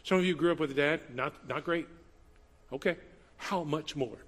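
A man preaching a sermon as pastor, animated, moving from loud emphatic passages to quiet asides. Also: a little high, moderate pace. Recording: long hall reverb.

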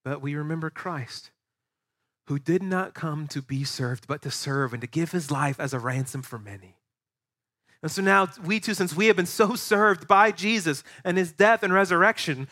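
A man, a pastor preaching a sermon to his church, animated and acting out voices of the people he describes. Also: high-pitched, normal speed. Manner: animated, acts out quoted voices. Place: church sanctuary.

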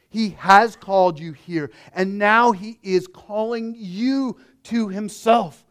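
High-voiced preacher swinging hushed to loud. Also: male voice, takes it slowly, few pauses. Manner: acts out crowd voices. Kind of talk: sermon.

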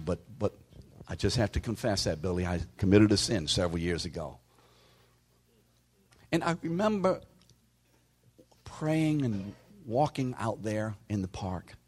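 A man preaching a sermon in a conversational way, calling out listeners by name and dropping to a hushed whisper for emphasis. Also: on the low side, sing-song, a little slow, pauses often, breathy edge. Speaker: pastor.

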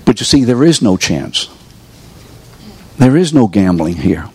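A man's voice: fairly low pitch, big pitch swings, measured pace, a little mellow, husky. A man preaching to a live audience in a room, pressing them with rhetorical questions and coaxing them to answer. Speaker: preacher teaching a course. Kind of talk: sermon.

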